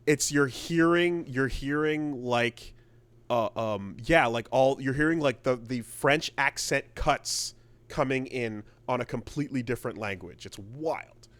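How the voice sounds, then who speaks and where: A man's voice: medium pitch, unhurried, fairly bright tone, dry recording. A man co-hosting a podcast in casual chat, rambling with lots of restarts. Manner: rambling, many fillers and restarts. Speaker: podcast co-host.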